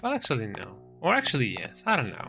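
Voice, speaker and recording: A man's voice: medium pitch, huge pitch swings, fast talker, gravelly, pushed and bright. A young man streaming a game, casually musing aloud and second-guessing himself. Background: faint game music.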